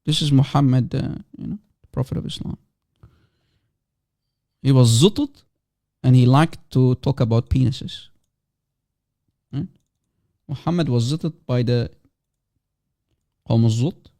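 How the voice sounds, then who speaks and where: A man's voice: mid-range voice, measured pace, pauses often, mellow. A man hosting a heated online debate, combative and mocking, hammering the same question over and over. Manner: combative, mocking, repeats himself insistently. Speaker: debate livestream host.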